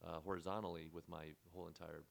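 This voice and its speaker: A man's voice: deep voice, little pitch movement, quick pace, creaky. A man hosting a podcast, telling a long story in a rambling, laid-back way with lots of fillers. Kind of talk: casual storytelling chat.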